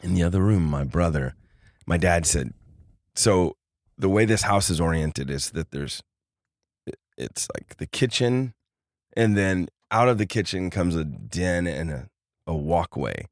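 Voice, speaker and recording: Deep-voiced man telling a story. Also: a little slow, dry recording, studio quality. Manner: animated storyteller acting out quoted voices. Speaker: podcast guest. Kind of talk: casual storytelling.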